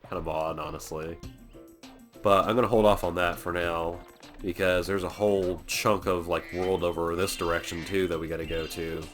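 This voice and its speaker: A man's voice: sits low, steady tone, normal speed, a bit bright, soft background music. A man casually commenting over his gameplay as a let's play host, chatty, rambling and self-deprecating.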